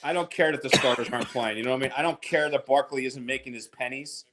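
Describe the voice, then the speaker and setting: Fast-talking chummy male radio caller. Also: mid-range voice, a bit bright. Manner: fast-talking, chummy, says "man" a lot. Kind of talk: call-in sports talk.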